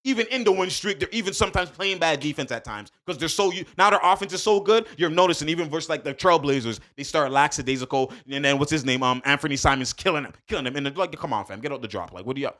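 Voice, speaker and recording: Talking fast with hardly a pause, a male sports commentator delivers an emphatic basketball breakdown in a voice on the high side that sounds pushed and bright. He's fired-up and slang-heavy, repeating points and addressing viewers straight on.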